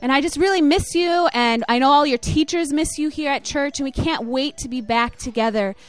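High-voiced woman giving a children's message. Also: fairly quick, faint music behind. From Michigan, USA. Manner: warm, encouraging, storytelling. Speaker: children's ministry leader.

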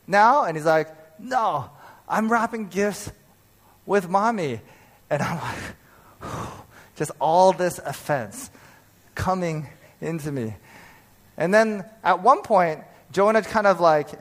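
Preaching in a slightly high voice, a male pastor in his thirties recounts something from his own life. Lively acted-out quotes and regular laughter punctuate the telling.

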